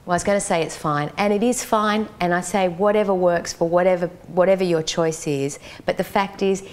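A woman's voice: on the low side, fairly even intonation, a little fast. A woman, a filmmaker, talking animatedly in a casual interview and acting out the voices of people she quotes. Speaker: filmmaker guest.

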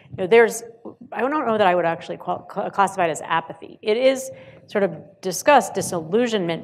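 A woman speaking as a panelist on research findings, thoughtful and measured, building on the others' points. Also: on the low side. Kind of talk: panel discussion. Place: hotel ballroom.

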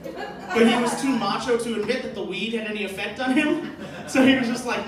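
Talking fast in a very high-pitched voice, this Boston comedian rambles through filler-heavy stories on stage. Crowd noise and laughter surround him, captured by an echoey club mic placed far away.

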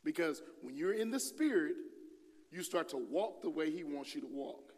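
A middle-aged man preaching a sermon in a church, talking lively and acting out the voices of the people he quotes. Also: moderate pace, slightly rough. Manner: lively, acts out quoted voices with big swings in pitch and volume. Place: church sanctuary. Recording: long hall reverb.

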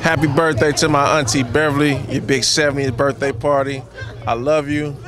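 A man's voice: mid-range voice, fairly even intonation, moderate pace, over music. A man recording a birthday message for his aunt, with a bit of singing. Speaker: nephew.

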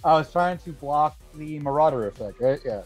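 A man's voice: a little high, lively intonation, normal speed, faint music behind. A man playing a tabletop game, chatting casually with a wry, grumbling tone. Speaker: player.

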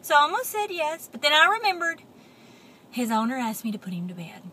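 A woman telling a children's story with a lively, swooping voice, bright and clear. She acts out every beat and slips into hushed whispers. Faint background noise sits under her. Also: high voice, brisk. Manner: animated, expressive, dips into whispers.

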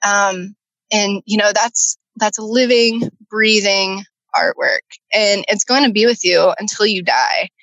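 A woman's voice: medium pitch, steady tone, unhurried, a bit bright, no room sound, lo-fi sound. A woman, a tattoo artist and healer, talking in a podcast interview, earnest and rambling with many fillers. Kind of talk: podcast interview, casual storytelling.

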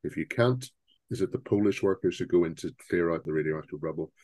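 Deep-voiced man, dry sound. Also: fast talker, mellow, dry recording. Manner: opinionated, rambling with restarts. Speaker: podcast co-host. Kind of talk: casual film discussion.

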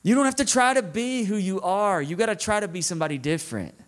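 A man's voice: high-pitched, expressive, fast talker, fairly bright tone. A man with a Southern US accent preaching a sermon in a casual, conversational way, often checking in with "right?". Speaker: guest preacher.

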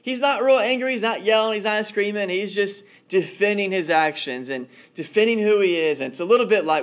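High-voiced man preaching a relaxed sermon. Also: a little fast, hardly any pauses. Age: adult, married father. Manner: storytelling, repeats words as he goes. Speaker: pastor. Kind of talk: conversational sermon.

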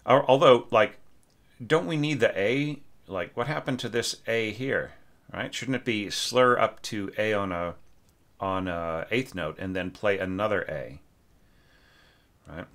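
A man with a low voice reviews a student's orchestration in a relaxed, casual way. He thinks aloud, stops and restarts, and sings little phrases to show the bowing. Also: measured pace. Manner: sings short phrases on nonsense syllables. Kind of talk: casual spoken critique.

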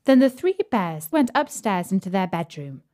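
A woman reading fairy tales aloud slowly and clearly for English learners, deliberate and sometimes dropping soft. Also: mid-range voice, big pitch swings. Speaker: storyteller.

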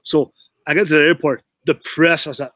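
A man's voice: fairly high pitch, fairly even intonation, moderate pace, a bit bright, no room sound. A middle-aged man, a former pro hockey player, telling his career story in an interview with earnest, emphatic phrasing. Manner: earnest, repeats "you know what" for emphasis.

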